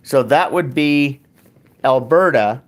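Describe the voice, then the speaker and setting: A man's voice: medium pitch, takes it slowly. An older man, hosting a show and ranting bluntly in casual, profane talk. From Canada. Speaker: podcast host.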